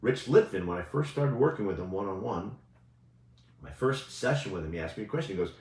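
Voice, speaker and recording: Animated low-voiced man in a roomy space. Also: fairly quick. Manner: conversational, keeps asking "right?". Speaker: coach. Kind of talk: casual motivational talk. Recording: roomy echo.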